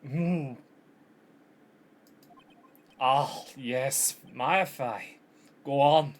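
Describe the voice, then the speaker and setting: A man's voice: on the high side, a little slow, vocal fry. A man voicing a pompous elderly male lawyer in a wobbly mock-Scottish lilt, calling people "boy" and "laddie". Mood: brusque.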